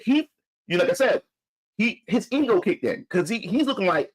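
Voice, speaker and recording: A man's voice: high-pitched, animated, brisk, slightly rough, low-quality recording. A man from Philadelphia telling a story in a heated, profane, repetitive rant. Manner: heated, profane, repeats himself. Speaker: vlogger.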